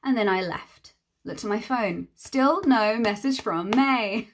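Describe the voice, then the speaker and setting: This young woman's voice sits fairly high and moves slowly, with slight background noise behind it. A hairstylist, she chats through an exasperated storytime while doing her makeup, voicing everyone else's lines herself.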